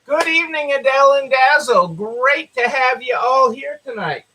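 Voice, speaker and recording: A man's voice: extremely high pitch, animated, normal speed, sharp tone, poor audio. A man with a Southern American accent hosting a live stream, talking casually, repeating phrases, with many fillers. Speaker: host.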